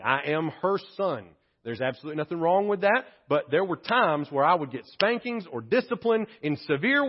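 A man preaching a sermon as a pastor, swinging from hushed, reflective passages to loud, emphatic ones. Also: a little high. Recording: dull lo-fi sermon audio.

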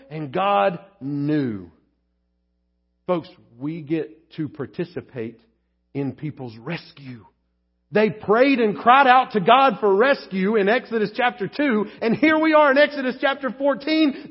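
A pastor delivers a sermon in a high, breathy voice, bringing his stories to life with animated character voices. The recording sounds a little dull and lo-fi. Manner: animated storytelling, acting out quoted voices.

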